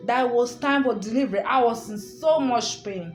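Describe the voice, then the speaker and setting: A woman's voice: a little high, moderate pace. Emphatic woman in an echoey room. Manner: repetitive, emphatic, often checking in with "understand?". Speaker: storyteller recounting her own experience. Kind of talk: casual personal storytelling. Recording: echoey room with faint music.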